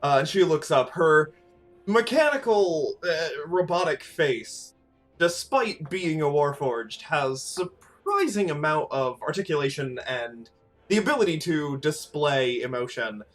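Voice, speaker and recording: A man narrating a tabletop role-playing game as game master, with lively asides and laughter. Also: on the high side, measured pace, soft background music.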